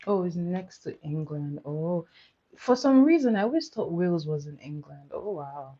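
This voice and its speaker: A woman's voice: on the low side, lively intonation, normal speed, dark tone. A young woman doing a casual livestream makeup tutorial, chatty, laughing often and asking her viewers questions. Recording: dull lo-fi audio.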